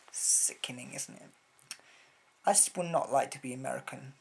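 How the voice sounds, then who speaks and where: A man's voice: medium pitch, moderate pace, gravelly, a little mellow, slight background noise. A man from Britain, rambling through a casual opinion vlog with blunt words and lots of hesitations. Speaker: vlogger.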